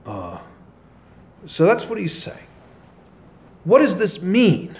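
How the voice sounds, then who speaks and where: A man's voice: sits high, huge pitch swings, slow, darkish tone, slight background noise. A male priest giving a spoken meditation in a conversational, storytelling way, with many fillers.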